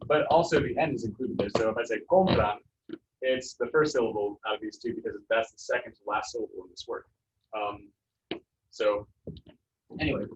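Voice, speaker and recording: A man's voice: mid-range voice, background noise. Man teaching Spanish in an echoey classroom. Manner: relaxed, jokey, many fillers. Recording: roomy, distant, muffled classroom sound.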